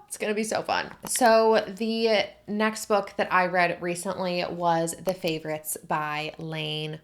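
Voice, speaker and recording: Gushing young woman with a gravelly voice. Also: fairly low pitch. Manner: gushing, animated, filler-heavy. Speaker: book vlogger. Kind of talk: casual book review chat.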